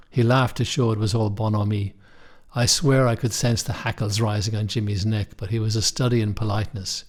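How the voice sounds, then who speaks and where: A young man narrating a first-person story in a measured, wry way. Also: lowish voice, darkish tone. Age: young adult. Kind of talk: scripted audiobook narration.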